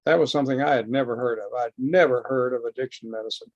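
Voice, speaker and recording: A man giving a personal recovery testimony at a lecture, speaking slowly and haltingly with heartfelt pauses. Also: mid-range voice, fairly even intonation, dry recording, highs cut off. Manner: slow, halting, heartfelt storytelling. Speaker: guest speaker. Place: lecture hall.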